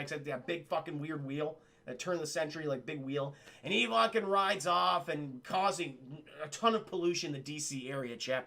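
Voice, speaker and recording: High-voiced, gravelly man recapping a film. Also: fairly bright tone. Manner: rambling, acts out film lines in quick impressions. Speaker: film reviewer streaming to chat. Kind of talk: casual profane movie recap.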